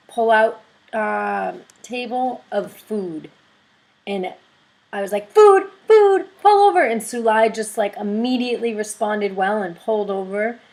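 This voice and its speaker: A woman video blogger telling a story in a casual, excitable and gushing way. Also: mid-range voice, low-quality recording.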